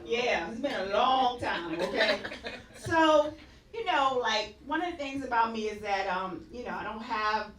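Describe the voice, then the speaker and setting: A woman's voice: on the high side, lively intonation, a little slow, a bit bright, reverberant, distant mic, slight background noise, low-quality recording. A woman doing a stand-up comedy set on a club stage, chatty and laughing at her own punchlines.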